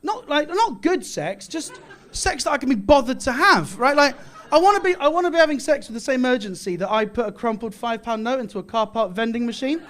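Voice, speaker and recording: High-voiced British stand-up man. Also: quick pace. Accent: British English. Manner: boastful deadpan bravado, self-mocking. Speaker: stand-up comedian. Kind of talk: stand-up set. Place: comedy club, live audience. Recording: live club with audience laughter.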